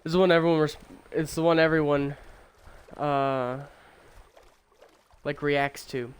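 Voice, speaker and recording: A man's voice: a little high, steady tone, unhurried, smooth. A tired young man streaming a game, chatting in a rambling, opinionated way with lots of fillers and restarts. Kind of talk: casual chat while gaming.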